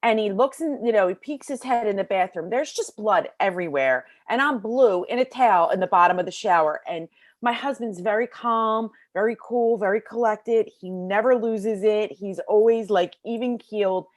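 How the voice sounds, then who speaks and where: A middle-aged woman telling a personal story as an interview guest in a casual, animated way, acting out the voices of people in it, recorded in a bedroom at home. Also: medium pitch, normal speed, no echo, clean studio sound. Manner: casual, lots of fillers like "like".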